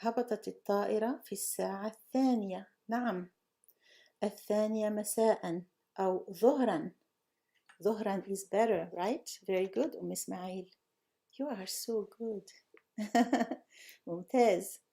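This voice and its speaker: A woman runs a live online language class with a mellow, warm tone and a touch of gravel in her voice. She reads out her students' answers, corrects them gently and keeps praising them. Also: mid-range voice, quick pace. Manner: encouraging, praises students often. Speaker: language teacher.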